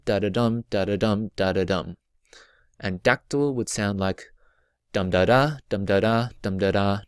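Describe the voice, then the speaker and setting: A man with a very deep voice gives a patient recorded lesson, going over each point twice and sounding out rhythms. The sound is dry and close, with no room around it. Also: gravelly, no room sound. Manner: patient, repeats key points, chants rhythms aloud. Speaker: teacher.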